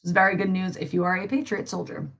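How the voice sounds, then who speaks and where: A woman's voice: fairly low pitch, flat delivery, fast talker, a bit bright. A woman teacher from the Mid-reviewing a history lesson, chatty and often checking in with "right?". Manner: chatty, frequent tag questions.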